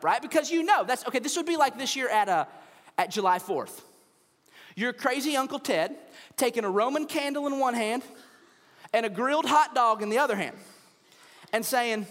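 Preacher guy, kinda high voice, jumps all over, big echoey church sound. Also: normal speed. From United States. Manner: animated storytelling, acts out voices, humorous. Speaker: pastor. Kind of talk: sermon. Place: church stage.

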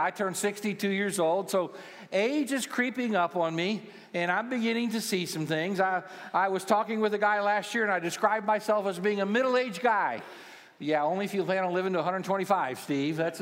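A man in his sixties delivers a sermon from the stage, his fairly high voice carrying light, self-mocking humor. He talks like a pastoral care minister sharing stories with a congregation. Long church-hall reverb hangs behind every phrase. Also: fairly bright tone. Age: 60s. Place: large church auditorium.

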